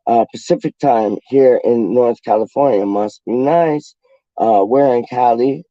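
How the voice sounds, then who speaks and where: A man's voice: medium pitch, measured pace, no room sound, dull audio. A man from the UK hosting a casual livestream, reading out chat in a slangy, rambling, playful way. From United Kingdom.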